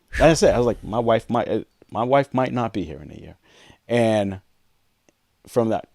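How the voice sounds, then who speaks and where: A man's voice: lowish voice, a little mellow, no room sound, studio quality. A man co-hosting a podcast, candidly telling a personal story in an earnest way and acting out past conversations. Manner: earnest, reenacts past dialogue. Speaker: podcast co-host.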